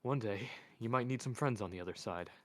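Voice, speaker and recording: A man voicing an intense young man who speaks quietly and evenly with a cold edge, reading a story aloud. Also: fairly low pitch, fairly quick, dry recording, clean studio sound, close to an everyday voice. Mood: earnest. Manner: quiet, even, menacing.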